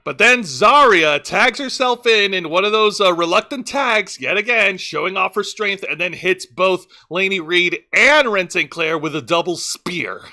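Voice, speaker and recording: A woman co-hosting a casual wrestling review. Her voice is very bright and sharp, and her pitch swings freely as she recaps matches. She laughs easily between lines. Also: animated, unhurried, hardly any pauses. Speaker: podcast co-host.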